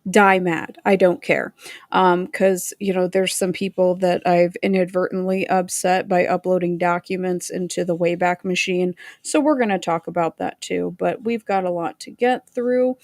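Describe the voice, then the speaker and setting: A woman's voice: on the low side, little pitch movement, normal speed, few pauses, darkish tone, no echo, clean studio sound. A woman hosting a casual livestream. She chats to viewers with plenty of fillers and reads documents aloud. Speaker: livestream host.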